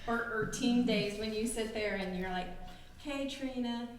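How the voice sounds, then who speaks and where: A woman's voice: mid-range voice, fairly even intonation, moderate pace, slight background noise. A woman who is a gym member, a guest on a podcast, chatting casually and poking fun at herself. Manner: chatty, self-deprecating. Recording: echoey room with long reverb.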